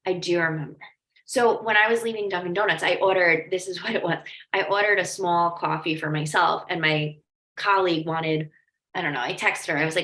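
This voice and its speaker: A woman life coach teaching in a loose, conversational way, peppering her talk with "like" and little asides. Her voice is bright and forward, and the room around her rings with a noticeable echo. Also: on the low side. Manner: chatty, lots of "like", storytelling asides. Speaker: life coach leading a training. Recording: echoey room.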